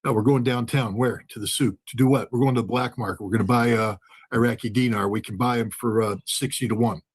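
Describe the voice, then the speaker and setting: Male guest, husky voice, animated storyteller who acts out the dialogue. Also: mid-range voice, quick pace. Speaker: guest, former weapons inspector. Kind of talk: storytelling in a conversation.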